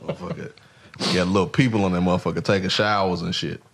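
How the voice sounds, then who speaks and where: A man co-hosting a podcast in casual banter, telling stories with laughter and sudden loud shouts. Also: sits low, big pitch swings, fast talker, gravelly. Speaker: podcast co-host.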